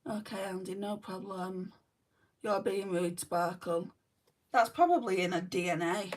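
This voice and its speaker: A woman's voice: mid-range voice, a little slow, a little mellow, recorded from a distance, a little hiss or hum. A woman with a New Zealand accent hosting a casual makeup livestream, chatting and answering viewer comments as she does her makeup. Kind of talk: casual chat reading live comments.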